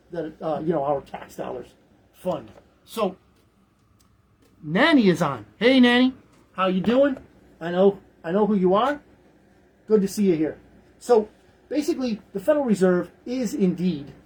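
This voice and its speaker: Male radio host, husky, rambling casual commentary, chuckles between thoughts. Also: high voice, darkish tone, low-quality recording. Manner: rambling, repeats words, chuckles.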